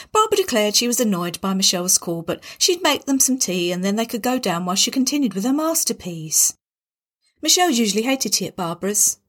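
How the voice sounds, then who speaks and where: A woman's voice: a little high, a bit bright. Wry woman telling a story. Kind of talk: storybook narration.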